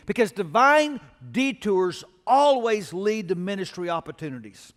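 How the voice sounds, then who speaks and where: A male pastor with a high-pitched voice, preaching a sermon that moves from quiet storytelling to emphatic exhortation. His words ring out with the long reverb of a large church auditorium. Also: animated, a little slow, hardly any pauses.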